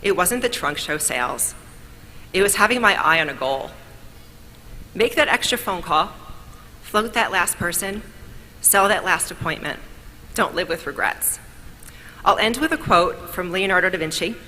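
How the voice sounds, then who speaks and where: A woman's voice: lowish voice, lively intonation, moderate pace, long pauses, sharp tone. A woman from New York giving an upbeat, grateful speech at an awards event and telling a story along the way. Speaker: award speaker. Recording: long hall reverb, faint noise.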